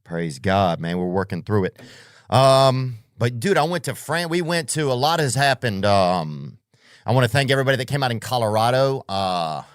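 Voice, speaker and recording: Keyed-up guy rambling and cussing thru a funny podcast monologue, lowish voice, dry sound. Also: no room sound. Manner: rambling, profane, riffing. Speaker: podcast host.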